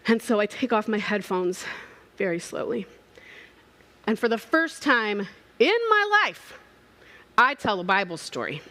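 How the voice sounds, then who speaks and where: A woman preaching a sermon, telling a story in a playful, animated way and acting out the voices in it. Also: mid-range voice, a little slow, long pauses. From Southern California. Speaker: pastor.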